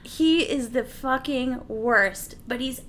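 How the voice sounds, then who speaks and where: A woman's voice: high-pitched, slow, a bit bright, a little hiss or hum. A woman in casual chat about a film, enthusiastic and laughing, swearing freely. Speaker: podcast co-host discussing a film.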